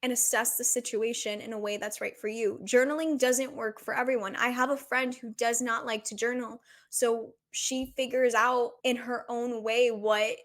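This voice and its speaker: Young woman, twenties, podcast host, solo talk, earnest, reflective, rhetorical questions, slightly high voice. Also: fairly even intonation, moderate pace, hardly any pauses. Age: 20s.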